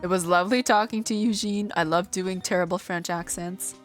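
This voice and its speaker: A woman's voice: on the low side, brisk, music in the background. A woman streamer giving casual, giggly commentary while playing through a game. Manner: giggly, animated reactions.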